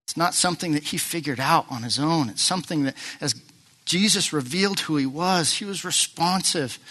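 Bright animated male preacher. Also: on the high side, moderate pace. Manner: animated, acts out Bible voices, jokes with the crowd. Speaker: pastor. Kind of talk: sermon.

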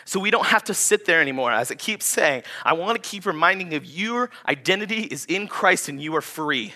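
Young male pastor, animated sermon storyteller, bright and slightly high voice. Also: moderate pace.

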